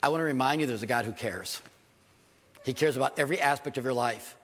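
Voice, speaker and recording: A man's voice: mid-range voice, fast, fairly bright tone. An older man preaching a sermon as pastor in church, earnest and emphatic, repeating key phrases. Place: church sanctuary. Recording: long hall reverb.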